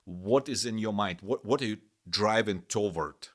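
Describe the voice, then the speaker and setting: Low-voiced host searching for words. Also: male voice, moderate pace. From Ukraine. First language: Ukrainian or Russian. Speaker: podcast host.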